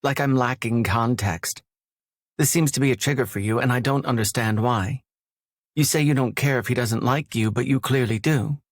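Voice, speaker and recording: A raspy, teasing young woman with a stubborn, questioning edge, as a male narrator puts her on, pitched well above his own deep voice. Her lines sound dry and close, as in an audiobook read in a dead booth. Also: normal speed, no echo, lightly acted. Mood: probing. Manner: playful then probing, questioning.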